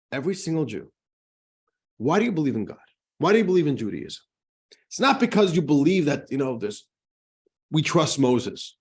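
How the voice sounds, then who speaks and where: A man, a rabbi, teaching a class in a conversational, animated way, chuckling as he tells jokes. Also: fairly high pitch, breathy edge. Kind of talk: lecture with jokes.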